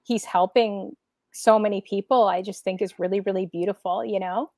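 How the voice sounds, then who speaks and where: A woman's voice: medium pitch, fairly even intonation, moderate pace, mellow, dry recording, studio quality. Emotional, rambling woman livestream host. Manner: emotional, gushing, rambling with many fillers. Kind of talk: casual livestream chat.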